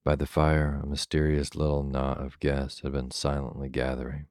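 A man reads a classic holiday tale for listeners drifting off to sleep. His voice is extremely deep and flat. The sound is close and dry, with no room around it. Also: clean tone, dry recording. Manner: calm, soothing, unhurried. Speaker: storyteller. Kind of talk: slow bedtime story reading.

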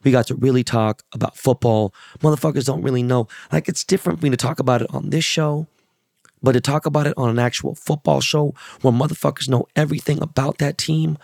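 A man hosting his podcast with a hoarse, worn-out voice from yelling, talking casually, bluntly and with lots of swearing. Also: on the high side, no room sound, clean studio sound. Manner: blunt, swears a lot, rambling. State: hoarse, lost voice. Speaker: podcast host. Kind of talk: casual profane podcast monologue.

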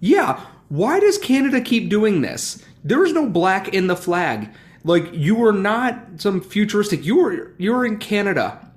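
A man's voice: high-pitched, sing-song, unhurried. A man co-hosting a sports podcast, ranting with exasperated humor in casual chat. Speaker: podcast co-host.

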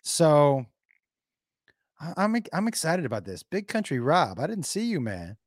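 Brief: rambling male streamer, somewhat high and lively voice, dry close sound. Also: a little slow, dry recording. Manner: rambling, thinking aloud. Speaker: livestream host. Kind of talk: casual chat.

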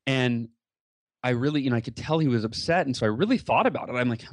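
A man telling a personal story as a podcast guest, earnest and animated, with many fillers and restarts. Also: mid-range voice, fast talker, dry recording.

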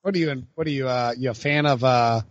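A man's voice: medium pitch, fast talker, no echo, highs cut off. A man co-hosting a casual sports podcast, rambling with lots of fillers and frequent laughs. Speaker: podcast co-host.

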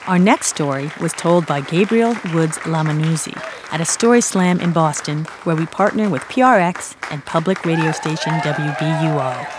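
A woman's voice: sits low, moderate pace, few pauses, crowd noise, noisy background. Woman hosting a radio storytelling show. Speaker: radio host. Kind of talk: scripted radio narration.

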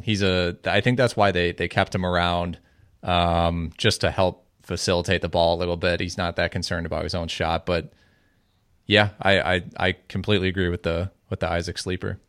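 A man analysing fantasy basketball picks in a casual podcast chat, measured and hesitant with many fillers. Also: low voice, a bit bright, no room sound, clean studio sound.

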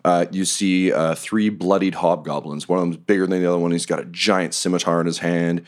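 A man narrating as game master of a tabletop role-playing game, lively and quick to laugh. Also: sits low. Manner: lively, laughing narration with shouted character lines.

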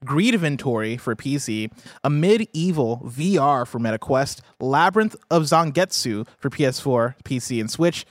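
A man's voice: medium pitch, expressive, moderate pace, no echo. A man co-hosting a casual gaming news talk show, chatting loosely with lots of fillers and reading out a release list. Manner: loose and chatty, frequent fillers, laughs easily.

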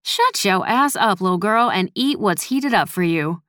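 A woman reading a story, voicing a tired, sharp-tongued old grandmother who drawls and grumbles sarcastically. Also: mid-range voice, lively intonation, normal speed, no echo, studio quality, natural voice. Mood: grumbling. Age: older. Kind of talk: storybook character voice.

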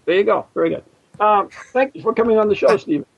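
A man's voice: high voice, fast talker, vocal fry, muffled recording. An American man hosting a radio show, joking and rambling with plenty of fillers and restarts. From United States. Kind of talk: casual radio show chat.

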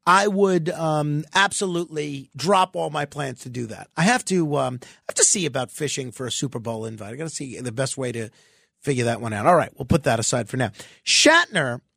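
A man's voice: medium pitch, animated, brisk, vocal fry, a bit bright, no room sound. A man hosting a talk radio show, giving opinionated commentary with sarcastic, mock-exasperated asides into a studio microphone.

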